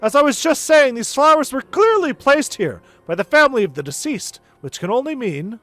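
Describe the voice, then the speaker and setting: A man voicing a pompous, bumbling gentleman inspector in a grandiose manner, reading game dialogue aloud. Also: very high voice, sing-song, normal speed, faint music behind, exaggerated voice.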